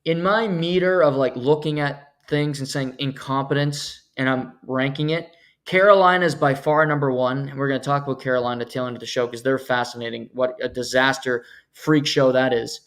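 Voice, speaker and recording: A man's voice: mid-range voice, steady tone, normal speed, fairly bright tone. A man hosting a solo sports podcast, talking bluntly and sarcastically, ranting with sudden emphatic jumps. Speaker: podcast host.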